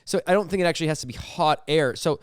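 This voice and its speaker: A man's voice: fairly high pitch, fast talker, clean tone, no room sound, clean studio sound. A man co-hosting a podcast, talking in a casual, rambling comedy chat and acting out little quotes as he goes. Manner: rambling, animated, acts out quotes. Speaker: podcast co-host.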